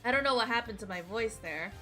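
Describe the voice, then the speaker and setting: A woman's voice: on the high side, lively intonation, quick pace, bright, forceful tone, faint music behind. A woman streamer chatting casually with her viewers, playful and teasing, with frequent giggles.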